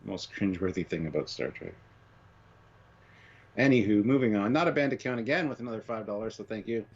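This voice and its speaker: A man's voice: fairly low pitch, a little fast, breathy edge. A man co-hosting a casual live stream, chatting and reading out donor names. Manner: reads out donor names, lively banter. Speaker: podcast co-host. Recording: dull lo-fi stream audio.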